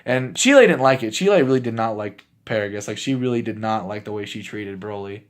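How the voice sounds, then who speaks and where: A man casually recapping a movie for his channel, rambling with lots of fillers and breaking into laughs as he gets excited. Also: on the low side, brisk. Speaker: movie reviewer.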